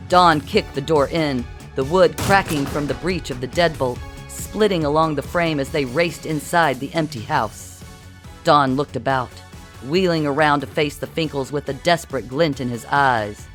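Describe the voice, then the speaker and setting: A narrator reading a comic science-fiction story with brisk, comic storytelling. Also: medium pitch, music in the background. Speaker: audiobook narrator. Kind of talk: scripted narration.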